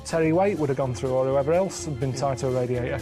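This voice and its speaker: A man, telling stories in a deadpan, grumbling way in a casual chat. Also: mid-range voice, fast talker, over loud music. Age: 30s. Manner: deadpan, plain-spoken, grumbling. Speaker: show regular recounting his travels.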